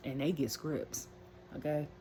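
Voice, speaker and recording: Brief: woman, low voice, rambling wrestling rant, faint room hiss. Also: steady tone, a little slow, mellow. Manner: rambling, chatty, many fillers and asides. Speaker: wrestling commentary vlogger. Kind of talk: casual rant.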